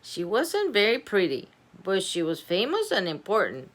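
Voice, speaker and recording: A woman reading a children's chapter book aloud at home, animated and giggly, stopping to chat about the story. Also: medium pitch, normal speed. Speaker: storybook reader.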